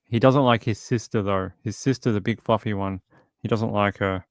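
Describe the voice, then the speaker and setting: An Australian man with a fairly low voice chats in a rambling, easygoing way on a livestream. He coos gently at his cat between thoughts. The sound is close and dry. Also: normal speed, dry recording. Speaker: true crime streamer. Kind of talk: casual chat during a livestream. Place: home, indoors. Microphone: desk microphone.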